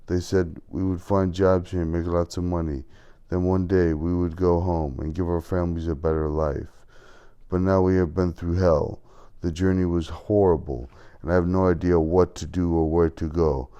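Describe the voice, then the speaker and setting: A man's voice: sits low, level tone, moderate pace, mellow, clean tone, dull audio, natural voice. A man voicing a frightened, tearful young male migrant who asks desperate, pleading questions. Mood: despairing.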